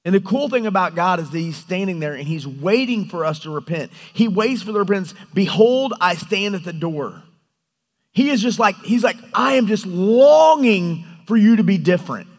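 A man preaching a sermon, animated and storytelling, often acting out quoted lines. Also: high voice, moderate pace. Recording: hall reverb.

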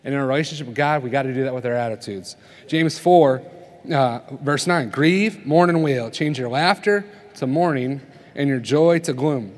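Man, mid pitch, casual storytelling preacher, live hall reverb. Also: moderate pace. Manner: conversational preaching, tells stories, asks the crowd "right?". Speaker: speaker at a family conference. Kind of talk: sermon. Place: conference hall. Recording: long reverb of a conference hall.

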